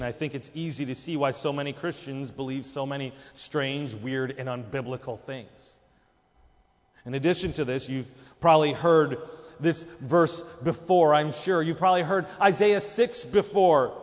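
A man's voice: on the high side, long reverb tail, lo-fi sound. A man preaching a sermon, emphatic, his voice jumping up for quoted lines. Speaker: pastor.

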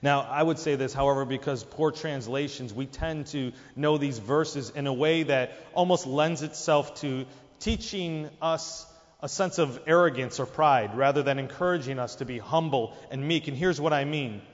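A man's voice: mid-range voice, moderate pace, in a large hall, lo-fi sound. A man preaching a sermon, emphatic, his voice jumping up for quoted lines. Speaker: pastor.

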